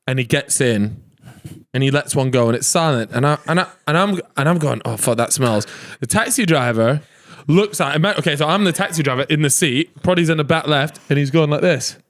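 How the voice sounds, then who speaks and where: A young man, a podcast guest, telling a story in casual chat, animated and swearing freely. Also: on the high side, fairly quick.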